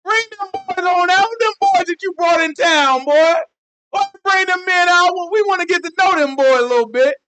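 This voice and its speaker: A rough crowd of country men yells in a thick drawl, pushy and loud, as a man puts them on. The voice jumps well above his own and drags the words out slowly. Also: extremely high pitch, voice pushed up, poor audio. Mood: rowdy demanding. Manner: shouting, slow and demanding.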